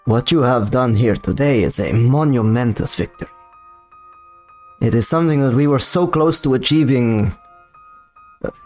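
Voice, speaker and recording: A man's voice: mid-range voice, darkish tone, close to an everyday voice. A man voicing an ancient, once-imprisoned immortal being in a tabletop game, solemn at first and then casual. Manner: solemn speech that slides into casual asides.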